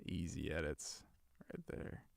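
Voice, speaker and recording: A man's voice: very deep voice, fairly even intonation, slow pace, creaky. A man hosting a livestream, chatting casually and rambling with many fillers while he edits audio on a close desk mic. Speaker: livestream host editing audiobooks. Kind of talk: casual chat while editing.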